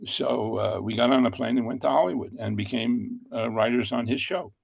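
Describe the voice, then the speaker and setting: Gravelly older man spinning a yarn. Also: mid-range voice, moderate pace, darkish tone. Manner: rambling, with many fillers and self-corrections. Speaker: guest. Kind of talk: casual anecdote telling.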